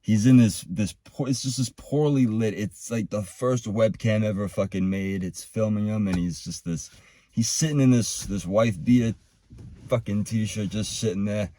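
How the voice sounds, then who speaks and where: A man's voice: lowish voice, normal speed, mellow, slight background noise. A man in his thirties talking in a rambling, profane monologue, often restarting his sentences. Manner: rambling, profane, self-interrupting. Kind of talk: casual monologue.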